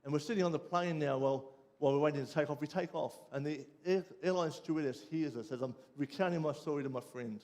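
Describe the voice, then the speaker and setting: An Australian man preaching, telling a personal story with lively ups and downs before dropping quiet and low for the lesson. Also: quick pace, few pauses. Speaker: pastor. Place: church.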